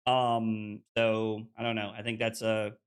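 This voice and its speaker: Speaking slowly in a lowish, monotone voice with a clean tone, a man streams a card game and chats casually with his audience. He reads their messages aloud and uses plenty of fillers, especially "like."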